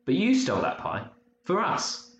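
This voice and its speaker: A man's voice: medium pitch, huge pitch swings, normal speed, voice pushed up. A man voicing a frightened, loyal young boy who talks in urgent, breathless bursts. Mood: distraught. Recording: muffled roomy recording, faint hiss.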